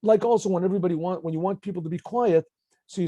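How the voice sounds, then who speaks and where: Rabbi guy explaining scripture, reads hebrew bits, dry close sound, kinda high. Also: fast, dark tone, no echo. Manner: mixes Hebrew phrases, acts out quotes, frequent restarts. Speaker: rabbi teaching a Torah class. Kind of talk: lecture with commentary.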